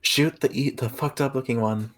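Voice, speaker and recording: A man's voice: mid-range voice, moderate pace. A man playing in a tabletop game, chatting casually in an offhand, joking way. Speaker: player. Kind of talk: casual chat.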